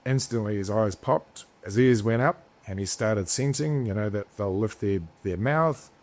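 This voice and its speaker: Male podcast guest, low-pitched, casual and profane, rambling storyteller. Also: moderate pace, darkish tone. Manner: rambling, swears freely, many restarts. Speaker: podcast guest, business founder.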